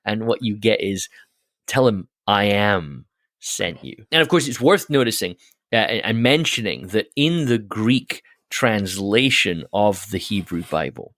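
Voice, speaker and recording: A man co-hosting a podcast, explaining scripture in an animated, conversational way with frequent restarts and laughs. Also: lowish voice, unhurried, dry recording. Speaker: podcast co-host. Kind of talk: conversational Bible discussion.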